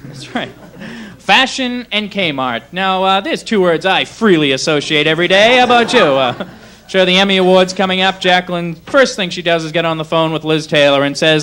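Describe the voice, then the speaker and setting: Male stand-up comic, high voice, sarcastic, old cable club taping. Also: animated, moderate pace, a bit bright, clear, resonant tone. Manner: wry, sarcastic, slips into mock voices. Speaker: stand-up comedian. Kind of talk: stand-up comedy set. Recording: 1980s cable TV club recording.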